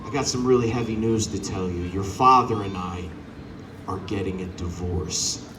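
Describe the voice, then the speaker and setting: A man's voice: deep voice, normal speed, reverberant, far from the mic, noisy background, voice pushed down, close to an everyday voice. A man voicing a mother who coaxes and fusses over her young sons. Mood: somber. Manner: coaxing, fussing. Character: fussing mother of young boys.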